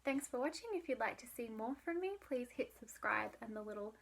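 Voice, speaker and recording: A woman's voice: fairly high pitch, lively intonation, fairly quick, gravelly, slight background noise. A young adult woman giving a casual literature lesson, chatty with many fillers and dropping into whispers at times. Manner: chatty, lots of "like", drops into whispers. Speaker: literature teacher.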